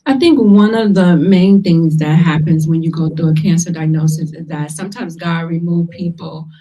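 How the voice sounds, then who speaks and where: Woman host, low mellow voice, encouraging chat, heard from a distance. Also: normal speed. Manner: encouraging, conversational, uses lively quoted asides. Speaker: talk show host. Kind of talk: casual talk show chat.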